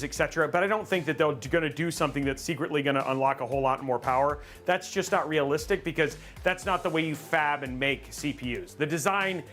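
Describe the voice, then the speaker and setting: A man hosting a casual livestream, rambling and excitable, joking about himself. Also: a little high. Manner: excitable, rambling, self-mocking. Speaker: livestream host.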